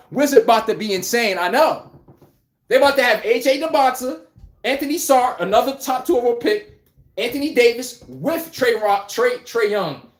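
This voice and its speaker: A man hosting a live sports talk stream, talking in a casual, animated, slangy way and reading out chat comments. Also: extremely high pitch. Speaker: host. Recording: roomy echo.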